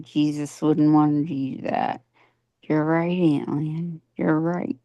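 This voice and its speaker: Low, gravelly, slow-talking woman. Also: a little mellow, no room sound. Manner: earnest, plain-spoken, acts out quotes. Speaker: coaching client. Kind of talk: personal storytelling in a coaching session.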